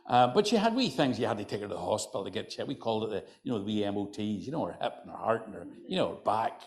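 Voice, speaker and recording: A man's voice: fairly low pitch, sing-song, very fast, vocal fry, hardly any pauses. An older man from County Antrim with an Antrim accent, telling humorous folk stories to a live audience in a chatty, teasing way. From County Antrim, Northern Ireland. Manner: chatty, teasing, lots of "you know". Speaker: folklorist storyteller. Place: hotel function room.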